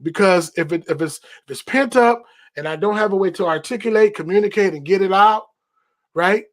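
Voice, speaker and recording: A man's voice: high-pitched, brisk. A man hosting a podcast, talking in an emphatic, repetitive, preacherly cadence. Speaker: podcast host. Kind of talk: preaching-style podcast monologue.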